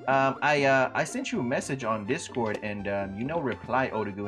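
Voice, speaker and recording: A man livestreaming a game, chatting casually with viewers, swearing freely and yelling at the game in sudden high-pitched outbursts. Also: a little fast, few pauses, soft background music. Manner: profane, excitable trash talk at the game; greets viewers by name. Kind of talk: casual gaming livestream commentary.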